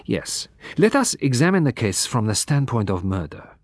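A man reading a mystery novel aloud in a measured, even narration. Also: fairly low pitch, no echo, studio quality. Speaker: audiobook narrator. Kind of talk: scripted narration.

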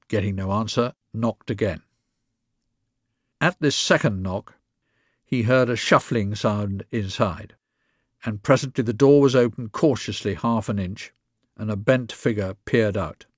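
A man reading a story aloud in a measured, even narration. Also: on the low side, no room sound, studio quality. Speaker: reader.

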